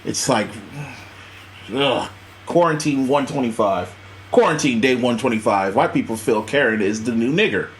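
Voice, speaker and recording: Male podcast co-host, loose profane banter, acts out quotes, mid-pitched. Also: lively intonation, fairly quick, a little hiss or hum. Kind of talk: casual chat.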